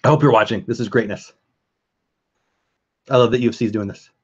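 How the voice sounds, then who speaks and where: A man's voice: mid-range voice, fairly quick, breathy edge, lo-fi sound. A man hosting a casual live stream, chatting with viewers and answering chat as he goes.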